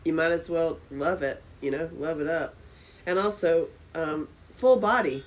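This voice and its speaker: A woman hosting a live stream from a friend's house, chatting casually with viewers, with loud exclamations and soft asides. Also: sits low, a little slow, a little hiss or hum, poor audio.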